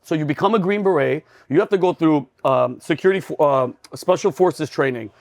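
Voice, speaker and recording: Excitable comedian host, storytelling loud. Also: male voice, fairly high pitch, a little fast, gravelly. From New York. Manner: loud, excitable, acts out yelling drill instructors.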